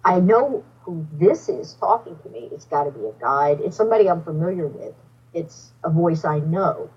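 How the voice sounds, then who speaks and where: With a deep, breathy voice at a moderate pace, this psychic medium shares a personal story on a podcast in a casual, lively way, voicing each person she mentions. The mic is far away and the sound is dull.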